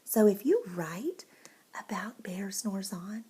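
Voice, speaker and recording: A woman teacher reading a picture book to young children, expressive and often dropping to a whisper. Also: medium pitch, slow, breathy edge.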